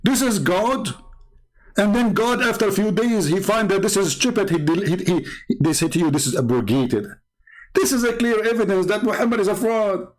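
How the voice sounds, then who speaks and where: A man with a fairly high voice talks in a sarcastic, mocking way. He delivers a polemical monologue to a live-stream audience and chuckles at his own jabs. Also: a little fast.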